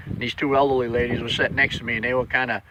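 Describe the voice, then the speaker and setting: A man's voice: mid-range voice, little pitch movement, rapid-fire, highs cut off, background noise. A man giving a casual motivational talk as a vlogger, blunt and plainspoken with a folksy way of putting things.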